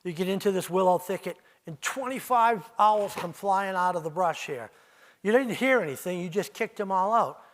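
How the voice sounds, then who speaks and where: A man's voice: high voice, animated, moderate pace. An older man giving a live talk to an audience in an auditorium, telling stories as he speaks straight to his listeners and imitating owl calls. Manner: storytelling, addresses listeners as you, mimics owl calls. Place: arts center auditorium.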